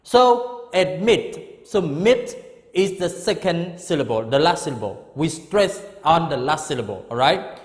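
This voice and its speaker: Middle-aged guy teaching grammar real slow, keeps asking okay?, roomy echo. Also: on the high side, sing-song. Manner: slow, repetitive, drawn-out explanations with frequent "okay?". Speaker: English teacher. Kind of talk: classroom grammar lesson. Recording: echoey room with long reverb.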